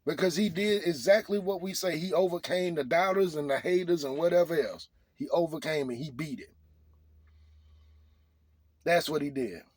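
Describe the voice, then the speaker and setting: A man's voice: on the high side, moderate pace, darkish tone, slightly rough, no echo. A man delivering a motivational rant to his viewers, hammering the same rhetorical questions again and again in slangy speech. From Arkansas. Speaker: vlogger.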